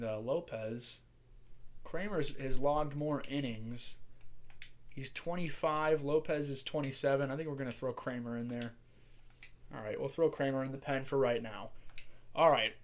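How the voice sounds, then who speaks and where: A man hosting a gaming channel, musing aloud in casual commentary as he manages a baseball sim from a home desk mic. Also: mid-range voice. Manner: chatty, musing aloud while playing.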